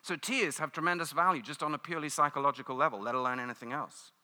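A British man delivers a sermon, storytelling with playful asides. His voice is bright and sharp, sits a little high for a man, and swings widely in pitch. The long reverb of a church hall trails after his words. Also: fast. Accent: British English. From United Kingdom. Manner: animated storytelling, mimics cheering crowds. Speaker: preacher.

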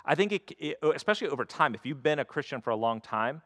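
A man's voice: mid-range voice, lively intonation, fast talker, fairly bright tone, no echo, clean studio sound. A man preaching a sermon in a conversational way, slipping into quoted voices to act out the stories. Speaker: pastor.

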